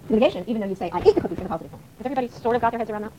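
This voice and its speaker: A woman lecturing a class at a rapid clip, her voice rising and falling in lively swings. She speaks a little higher than most women and fills her pauses with quick "um"s. The recording carries a faint hum of room ambience behind her. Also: low-quality recording. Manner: fast, animated explaining with frequent fillers. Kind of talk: university lecture. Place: lecture hall.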